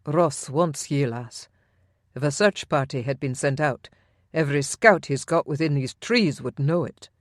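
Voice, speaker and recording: A woman voicing a steady young Highland warrior, calm and teasing. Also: measured pace, no room sound, studio quality.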